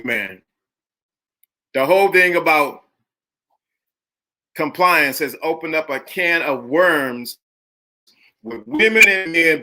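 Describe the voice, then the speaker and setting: A man hosting a live-streamed talk show, his voice bright and forceful and pitched a little above the usual male range. He preaches his points emphatically and hammers key phrases over and over. He also calls out viewers in the chat by name. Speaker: livestream host.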